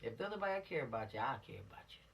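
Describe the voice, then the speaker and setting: A woman's voice: extremely low pitch, big pitch swings, very fast, distant mic. Folksy woman lecturing teens. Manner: folksy, admonishing, preachy. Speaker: police officer teaching law to teens. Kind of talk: informal law lesson to teens.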